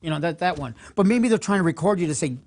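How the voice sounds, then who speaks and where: Upbeat, higher-voiced man hosting, chatty, laughs easily. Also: lively intonation, fast talker, darkish tone. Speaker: host. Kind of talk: casual chat.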